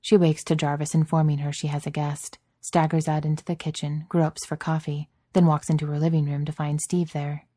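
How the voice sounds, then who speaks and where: A woman reads a story aloud in a steady, measured way. Her voice is low and mellow, and the recording is dry and close. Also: dry recording. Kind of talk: reading fan fiction aloud.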